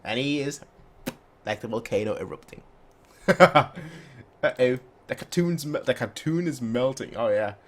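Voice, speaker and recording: A man's voice: mid-range voice, slight background noise. Man joking through a manga read-along. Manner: joking, adds sound effects and quick asides between read lines. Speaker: manga reaction host.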